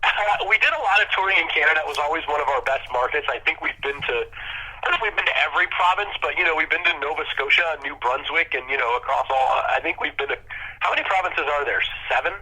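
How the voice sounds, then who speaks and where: An American man, a musician guest in an interview, talking in a rambling, halting way with lots of restarts. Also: fairly high pitch, pushed and bright, breathy edge, low-quality recording. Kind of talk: casual interview chat.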